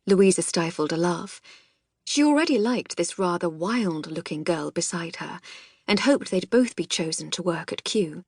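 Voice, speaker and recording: Woman narrating an audiobook, husky tone. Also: fairly low pitch, dry recording, studio quality. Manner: measured, even storytelling. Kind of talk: scripted narration.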